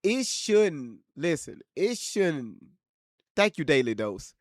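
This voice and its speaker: A man's voice: a little high, big pitch swings, takes it slowly, no echo. Profane livestream host man, very dry sound. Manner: loud, profane, teasing viewers in the chat. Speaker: livestream host reading chat. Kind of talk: casual livestream commentary.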